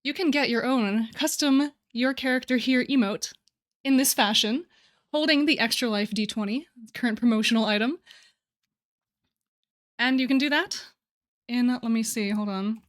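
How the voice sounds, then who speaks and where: A woman's voice: a little high, moderate pace, long pauses. A young woman hosting her live stream, chatting casually, bubbly and a little flustered, laughing often. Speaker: livestream host.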